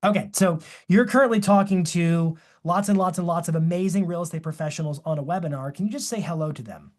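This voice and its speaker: A man presenting a live webinar, talking in an energetic, enthusiastic and demonstrative way. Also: on the high side, fast talker.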